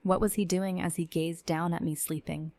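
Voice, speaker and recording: A woman giving measured, tense first-person narration of a scripted horror story. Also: lowish voice, fairly even intonation, warm tone, no echo.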